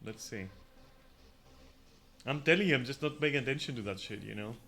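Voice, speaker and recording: A man's voice: medium pitch, normal speed, pushed and bright. A man giving casual gameplay commentary, chatty and swearing offhand, breaking into laughter often. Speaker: gamer. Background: faint game music.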